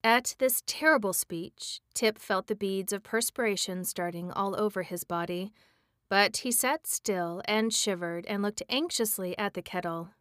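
A woman reading a chapter book aloud as a bedtime story, in a gentle read-aloud manner. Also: mid-range voice, measured pace, dry recording, clean studio sound.

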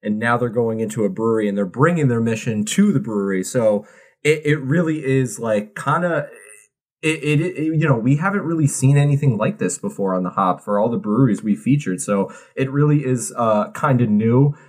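An upbeat, playful man co-hosting a casual podcast chat. He leans on fillers and restarts as he talks, and his voice sits in a middle pitch. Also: lively intonation, normal speed. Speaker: podcast co-host.

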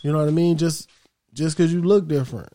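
Animated young man in casual chat. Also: a little high, brisk. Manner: animated, rambling, slangy.

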